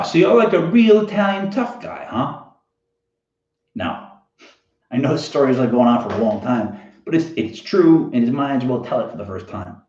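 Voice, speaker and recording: A man with a Boston accent hosting a fantasy football show, telling a rambling, animated story in a casual monologue. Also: mid-range voice. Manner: rambling, animated, self-interrupting. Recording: roomy, dull lo-fi sound.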